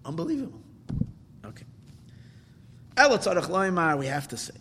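A man teaching a Torah class, mixing Hebrew and Yiddish terms into English and swinging from quiet to loud. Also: fairly high pitch, sing-song, normal speed, in a large hall, slight background noise.

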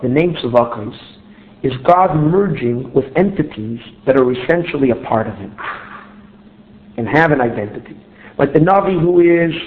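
In this text study lecture, a Torah teacher explains a religious text step by step. He keeps posing rhetorical questions to himself and repeats words as he looks for the next one. His pitch is fairly high, and the sound is tinny like a phone line, in a roomy space.

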